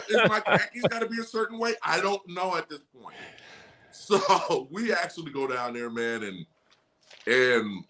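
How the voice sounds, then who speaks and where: Bright, animated man telling stories. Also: mid-range voice. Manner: animated storyteller, frequent laughs and profanity. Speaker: guest, former running back. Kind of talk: casual podcast storytelling.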